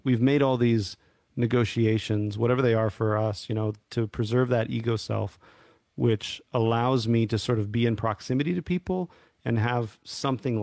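A man's voice: mid-range voice, creaky, a little mellow, no echo, clean studio sound. A man in casual reflective conversation, hesitant and full of fillers and restarts.

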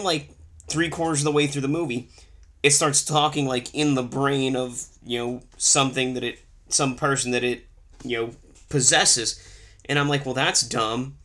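A man's voice: mid-range voice, pushed and bright. A man co-hosting a casual movie review chat, ranting sarcastically and swearing often. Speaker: podcast co-host.

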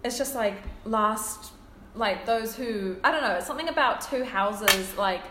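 A woman's voice: a little high, unhurried, pushed and bright, reverberant, slight background noise. A young woman casually retelling a story to friends, rambling with many fillers and laughing often. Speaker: friend retelling a fanfic plot. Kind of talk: casual chat among friends.

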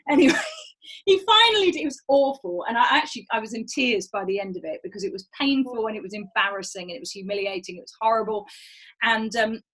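A woman in her thirties telling a frank, animated personal story in casual chat, acting out quoted voices. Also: a little high, quick pace, breathy edge, poor audio.

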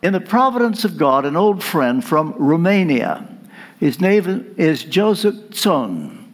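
Slow, dramatic man preaching. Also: a little high, sing-song. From United States. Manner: storytelling, dramatic pauses. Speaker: guest preacher. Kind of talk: sermon.

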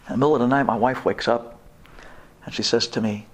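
A rabbi telling a humorous personal story in a Torah talk, animated and acting out the dialogue. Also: male voice, medium pitch, quick pace.

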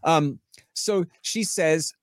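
A man's voice: a little high, drawn-out words, no echo. A man speaking as a guest expert in a casual podcast conversation, rambling and sarcastic, swearing freely.

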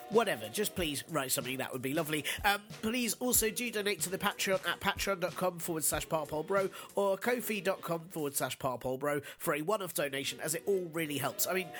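A man hosting a podcast, stuffed up and nasal from a cold, delivering sardonic news jokes and casual chat. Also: fairly high pitch. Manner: sardonic, deadpan jokes with fillers. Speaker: podcast host.

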